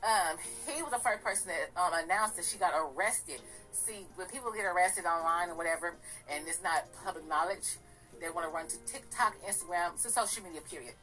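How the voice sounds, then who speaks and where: Brief: female gossip host, bright, a little raspy, sassy and profane, faint music behind. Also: on the low side, fairly quick, rough recording. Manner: sassy, blunt, profane ranting. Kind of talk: casual commentary.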